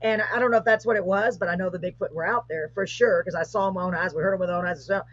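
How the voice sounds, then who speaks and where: A middle-aged woman, hosting a live show and telling a paranormal story in a casual, animated way, with rising excitement. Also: fairly low pitch, rapid-fire. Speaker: host. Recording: muffled lo-fi live stream audio.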